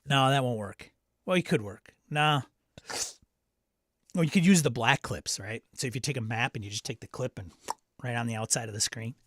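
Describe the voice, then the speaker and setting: A man hosts a live game stream in a mid-range, fairly bright voice at a moderate pace, reading viewer comments aloud and chatting loosely while interrupting himself. The recording is dry and studio quality.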